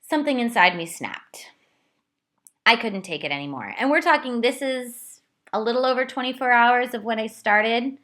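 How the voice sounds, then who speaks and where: Young woman, podcast host, bright tense tone, self-deprecating, candid storytelling. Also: fairly high pitch, animated, moderate pace. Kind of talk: confessional solo podcast.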